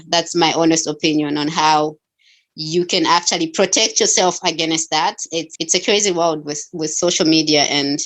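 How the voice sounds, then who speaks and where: A woman who is a fashion designer, speaking frankly as a guest expert with easy laughter. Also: deep voice. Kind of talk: casual conversation.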